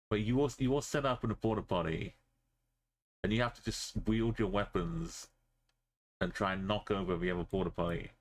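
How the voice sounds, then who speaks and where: A man streaming a map game, talking in a rambling, jokey way. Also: fairly low pitch. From Britain. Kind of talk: casual gaming commentary.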